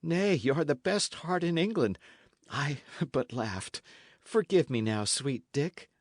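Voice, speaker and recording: A man's voice: on the high side, animated, slow pace, dry recording, clean studio sound, pitched above the performer's own voice, exaggerated voice. A man doing a timid young runaway lad. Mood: pleading. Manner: soft, anxious, imploring.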